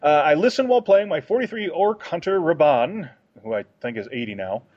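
A husky-voiced man co-hosting a casual gaming podcast, reading a fan email with enthusiasm and self-deprecating remarks. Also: a little high, animated, fairly quick, dry recording. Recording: dull lo-fi dry podcast mic.

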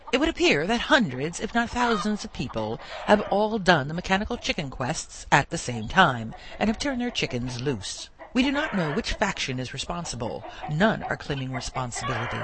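A woman voicing a stern news anchor reading a mock breaking-news bulletin in a loud, formal, announcing manner. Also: low voice, noisy background.

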